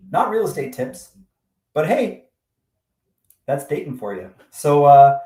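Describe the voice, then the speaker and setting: Guy telling a story, wry and sarcastic, bouncy up-and-down voice, sounds a bit far off in an echoey room. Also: fairly high pitch. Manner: wry, animated, dry sarcastic asides. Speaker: real estate agent sharing a tip-of-the-week video. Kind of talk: casual storytelling to camera. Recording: roomy sound, mic set back.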